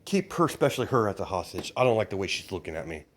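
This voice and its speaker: A man voicing a rude, violent male bank robber who barks orders, with a lowish voice. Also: sing-song, very fast, slight background noise. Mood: threatening.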